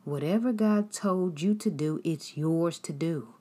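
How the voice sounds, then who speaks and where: A woman preaching an earnest devotional sermon, exhorting her listeners and often dropping into hushed, whispered phrases. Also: low-pitched, measured pace.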